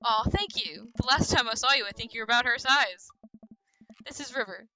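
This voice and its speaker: A woman's voice: fairly high pitch, brisk, sharp tone, low-quality recording. A woman voicing a friendly, laid-back male frat-bro dad while reading game dialogue aloud. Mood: easygoing. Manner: easygoing, drawling bro talk.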